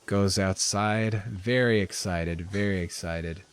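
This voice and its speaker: A man's voice: low-pitched, slow pace, clear, resonant tone. A young man narrating as game master in a casual, hesitant way with many fillers.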